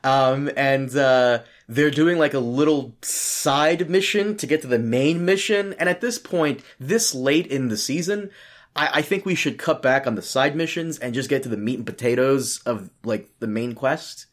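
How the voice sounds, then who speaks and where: A man's voice: mid-range voice, normal speed. A man co-hosting a casual review podcast, teasing and laid-back. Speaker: podcast co-host.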